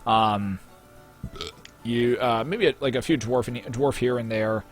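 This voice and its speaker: A young man narrating a tabletop game as game master, halting often and restarting his sentences. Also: mid-range voice. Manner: halting, many fillers and restarts. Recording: faint music behind.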